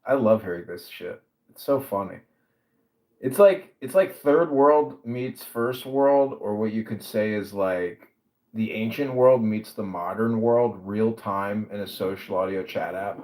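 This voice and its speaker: A man hosting a social audio chat room who leads the group in loud, repeated chants. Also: on the low side, measured pace, roomy sound, rough recording. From Chicago area.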